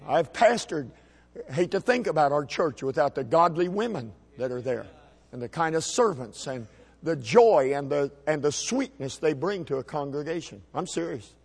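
A middle-aged man preaching a sermon as a pastor, folksy and emphatic, with shouted peaks. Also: on the high side, slightly rough, long reverb tail. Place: church sanctuary.

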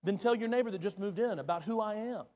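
A man preaching a sermon as pastor, his delivery swinging from loud and urgent to hushed and quiet. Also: high voice, fast talker. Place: church sanctuary. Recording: long hall reverb.

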